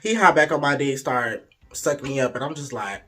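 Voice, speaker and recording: Husky young man telling a story. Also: medium pitch, a little fast. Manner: frank, profane, playful storytelling; lively, slips into voices of people in the story. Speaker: vlogger. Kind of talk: casual storytime.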